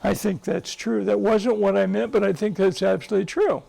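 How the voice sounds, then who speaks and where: A man's voice: high-pitched, steady tone, a little fast, creaky, warm tone, slight background noise. An older male psychologist telling stories to a live group, earnest and emphatic, often restarting his sentences. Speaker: psychologist and guest speaker. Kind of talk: speaking to a live group, storytelling.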